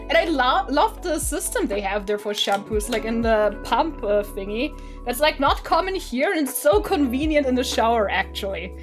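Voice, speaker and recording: A woman with a high, bright voice chats through a haul at home, rambling from one thought to the next and laughing as she goes. Soft music plays faintly under her voice. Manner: chatty and rambling, with restarts and frequent laughs. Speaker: streamer and vlogger. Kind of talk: casual unboxing haul chat. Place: home room.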